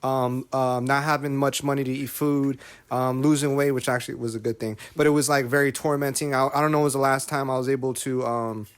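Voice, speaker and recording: A man's voice: medium pitch, little pitch movement, fairly quick, smooth. A man in his thirties talking candidly as a podcast guest, emotional and preachy, often repeating phrases. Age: 30s. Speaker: guest, rapper and content creator.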